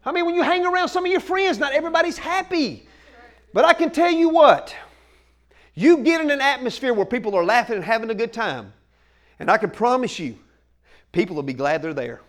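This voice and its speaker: A male pastor preaches at full energy. His voice sits very high, and he keeps peppering his lines with casual fillers. He often builds into loud, shouted rallying bursts. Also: a little fast. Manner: excitable, shouting bursts, folksy "man" fillers. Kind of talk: energetic sermon.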